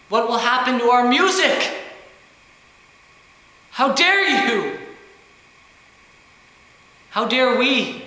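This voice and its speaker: A performer delivering a spoken-word poem with rhythmic, declamatory refrains that build into shouts. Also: medium pitch, animated, drawn-out words, long pauses, slight background noise. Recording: very echoey hall with long reverb.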